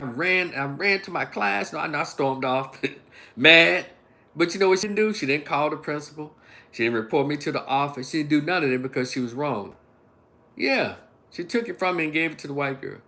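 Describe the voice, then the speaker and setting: A man in his fifties telling a story on a casual livestream, animated, laughing, blunt and profane. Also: a little high, moderate pace. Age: 50s. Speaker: online commentator.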